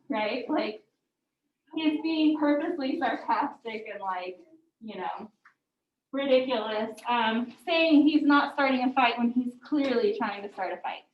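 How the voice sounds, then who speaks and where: A woman's voice: on the high side, unhurried. A woman teacher explaining a text to her class in a casual lecture, often saying "like". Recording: echoey room, distant mic, muffled.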